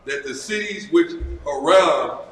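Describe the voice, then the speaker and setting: A man in a study group reading scripture aloud, steady and careful. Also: on the high side, measured pace. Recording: distant voice in an echoey hall.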